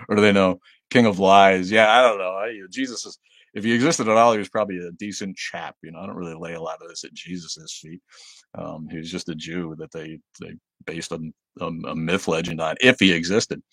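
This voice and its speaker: A man's voice: low voice, steady tone, a little fast, fairly bright tone, no room sound, clean studio sound. A man hosting a casual livestream, reading viewer comments aloud and answering them bluntly and sardonically, with frequent fillers and laughs. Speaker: livestream host.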